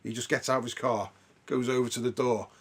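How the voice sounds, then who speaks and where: This podcast co-host has a brisk, husky, mid-range male voice. In casual chat he retells film scenes with gusto, swearing often and putting on loud voices.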